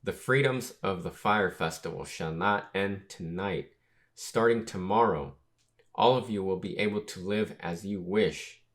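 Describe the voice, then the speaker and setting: A young ruler speaks in formal, measured tones, as a man reads his lines aloud. The voice is low and deep, and it moves at an unhurried pace. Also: fairly bright tone. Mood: solemn. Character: young male ruler giving a solemn proclamation.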